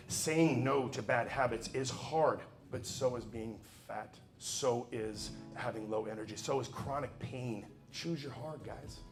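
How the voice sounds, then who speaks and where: Emphatic man giving a preachy speech. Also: medium pitch. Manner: emphatic, preachy, swings from quiet asides to loud exhortation. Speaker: motivational speaker. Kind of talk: motivational speech.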